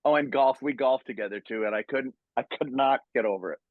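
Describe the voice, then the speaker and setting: Older husky-voiced man telling stories. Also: medium pitch, fairly quick, dry recording, narrow, tinny audio. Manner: chuckling, acts out voices in his stories. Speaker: interview guest, voice actor. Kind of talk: casual anecdotal storytelling.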